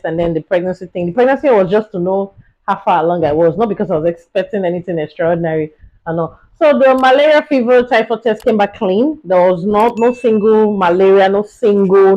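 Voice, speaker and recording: A woman with a Nigerian English accent, a vlogger and mother, telling a personal story to her viewers in a casual, dramatic, animated way. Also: mid-range voice, dull audio. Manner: talks straight to her viewers.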